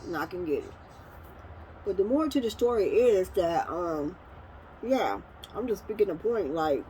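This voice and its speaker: A middle-aged woman talking candidly in a casual vlog monologue, venting about life in relaxed everyday speech. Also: mid-range voice, slight background noise, rough recording. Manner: candid, venting, conversational with slang. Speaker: vlogger. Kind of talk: casual monologue while eating.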